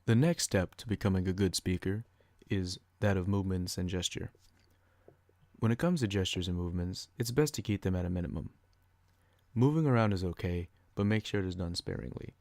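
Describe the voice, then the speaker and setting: A young man reading a scripted educational podcast, a little flat as he reads from prepared notes. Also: deep voice, fairly quick, no room sound. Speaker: student podcaster.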